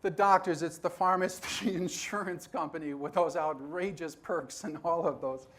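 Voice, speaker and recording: A man in his sixties giving a conference talk, telling stories and acting out dialogue with animated energy. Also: on the high side, normal speed. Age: 60s. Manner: animated storyteller who acts out dialogue. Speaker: conference speaker. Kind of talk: storytelling keynote talk.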